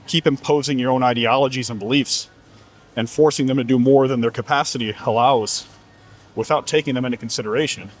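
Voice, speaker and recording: A man's voice: medium pitch, fairly even intonation, brisk. A man coaching about fitness in a blunt, profane, lecturing monologue. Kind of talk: motivational monologue.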